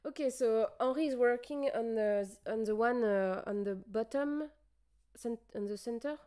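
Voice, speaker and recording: A woman's voice: a little high, normal speed, dark tone, smooth. A tired young woman with a French accent, chatting casually on a livestream and hesitating as she searches for English words. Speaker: streamer.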